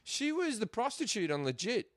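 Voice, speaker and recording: A middle-aged Australian comedian telling stories in a casual chat, animated and quick to laugh, acting out other people's lines. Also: male voice, high voice, no room sound, clean studio sound. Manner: animated, acts out quotes in put-on voices, laughs often. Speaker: guest comedian. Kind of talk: casual storytelling.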